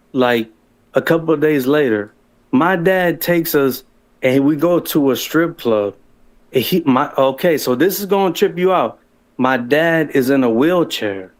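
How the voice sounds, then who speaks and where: A man with a fairly high voice tells his own story in a loose, rambling way. He swears freely, restarts sentences and speeds up when he gets excited, speaking over a call line. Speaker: guest caller telling his story. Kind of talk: casual storytelling on a livestream.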